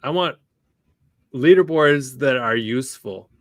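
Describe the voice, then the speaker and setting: A man co-hosting a podcast, speaking casually and haltingly with many pauses. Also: mid-range voice, lively intonation, a bit bright, dry recording. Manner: hesitant, many ums and uhs. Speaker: podcast co-host. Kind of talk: casual chat.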